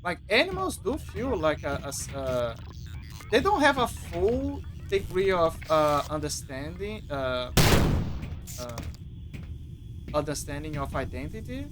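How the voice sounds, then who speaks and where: A man talks casually while he streams a game, wandering through his thoughts with frequent restarts and fillers. His voice sits high and swings widely in pitch. Game music plays clearly beneath him. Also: big pitch swings, measured pace. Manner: rambling, many restarts and filler. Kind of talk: casual gameplay commentary.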